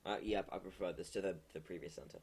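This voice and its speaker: A deep, gravelly male voice muttering and second-guessing himself as he works on a game live. He talks casually at a desk microphone in a home room, and faint keyboard clicks and noise sit behind him. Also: quick pace, darkish tone. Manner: hesitant, muttering, self-correcting. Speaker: game developer streaming live. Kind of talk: casual thinking aloud while drawing pixel art.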